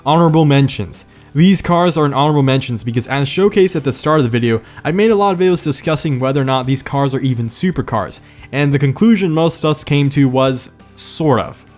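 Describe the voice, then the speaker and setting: A man's voice: mid-range voice, expressive, a little fast, darkish tone. A man hosting a car video in scripted narration, joking and sarcastic, with a slight lisp from medicine. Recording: faint music behind.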